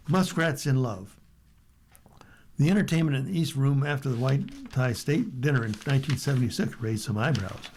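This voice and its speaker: A man with an American accent reading newspaper stories aloud for a radio reading service, steady and unhurried with light asides. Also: mid-range voice, husky, poor audio.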